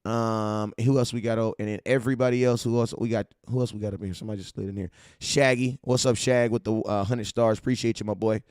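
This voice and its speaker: A man from California hosting a casual fan-show livestream, hyped and slangy as he shouts out his viewers. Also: lowish voice, fairly even intonation, fast, hardly any pauses, clean tone, no room sound, clean studio sound. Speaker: livestream host.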